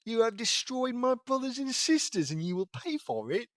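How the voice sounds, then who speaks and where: A man reads a fan story aloud and gives full character voice to a vengeful, evil young girl, pitching himself extremely high, well above his own voice. The delivery is sing-song and threatening at normal speed, with a fairly bright tone. The recording is clean studio sound with no room sound.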